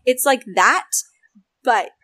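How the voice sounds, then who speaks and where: A young woman speaking candidly as an interview guest, open and animated, often acting out what people say. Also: high voice, slow pace, no echo. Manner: open, animated, acts out quoted voices. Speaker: game developer guest.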